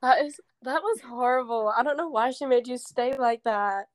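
A woman's voice: a little high, moderate pace. A young adult woman, a podcast guest, chatting casually in a playful, joking way. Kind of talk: casual chat.

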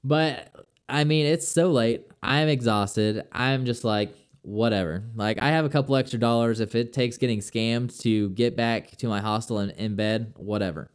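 A man's voice: mid-range voice, normal speed, clear, resonant tone. A young man casually telling a personal travel story, chatty and loose, full of "like" and "I'm like".

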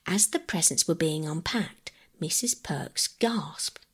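Husky, low-voiced woman reading a bedtime story. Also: lively intonation, slow, a bit bright. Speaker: audiobook reader. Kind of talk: calm bedtime story narration.

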